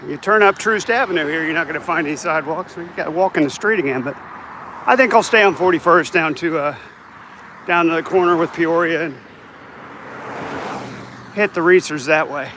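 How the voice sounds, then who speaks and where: A man chats to viewers as he walks down a neighborhood street, rambling along in a somewhat high voice. He sounds a bit tired. Faint traffic and passing cars hum behind him outdoors. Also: brisk, long pauses, sharp tone. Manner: rambling, chatty, talks to viewers while walking. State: tired, yawning. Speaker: vlogger. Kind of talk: casual walking vlog.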